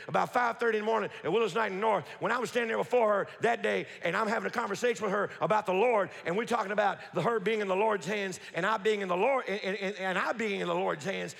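Emphatic high-pitched preacher man, echoey church. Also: gravelly, fairly bright tone. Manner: emphatic, repetitive, leads the congregation in call-and-response; quick rhetorical questions and restarts. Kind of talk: sermon. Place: church sanctuary. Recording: reverberant church hall.

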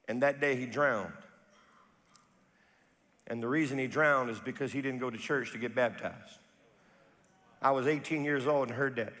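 A male pastor preaching a sermon, telling stories in a low, confiding voice before climbing to impassioned, shouted peaks. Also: in a large hall. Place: church sanctuary.

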